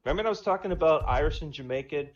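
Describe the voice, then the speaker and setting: A man doing chatty stand-up, telling jokes in an animated storytelling way over a dull online voice chat. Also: fairly high pitch, very fast, slight background noise. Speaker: stand-up comedian.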